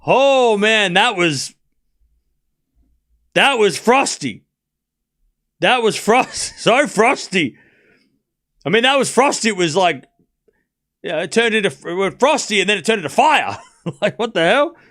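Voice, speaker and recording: A man hosting a live tennis watchalong stream, chatting casually and excitedly, laughing often and thinking out loud. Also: sits high, unhurried, long pauses. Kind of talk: live commentary and casual chat.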